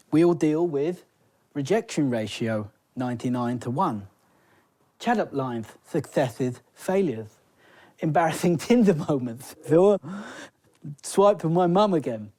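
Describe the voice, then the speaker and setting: A man playing a self-satisfied dating coach pitching his course. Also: darkish tone. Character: smug male dating coach selling a course. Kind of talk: comedy sketch character.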